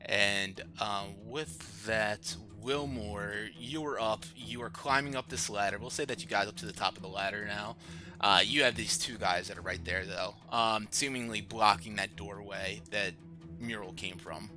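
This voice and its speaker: A man's voice: lowish voice, normal speed. A man narrating a tabletop game as game master, talking in a loose, chatty way with many fillers. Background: background music.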